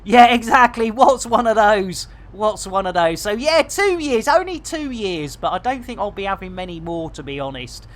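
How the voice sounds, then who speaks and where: A man's voice: high-pitched, expressive, normal speed, few pauses, fairly bright tone. A man rambling casually to his chat while streaming a game. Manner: chatty, rambling, jokey.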